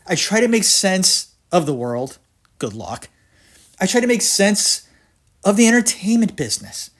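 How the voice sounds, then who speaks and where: Slow, animated man ranting on his podcast. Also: high voice. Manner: excitable rambling rant, swears, laughs at himself. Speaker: podcast host. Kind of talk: solo podcast monologue about film history.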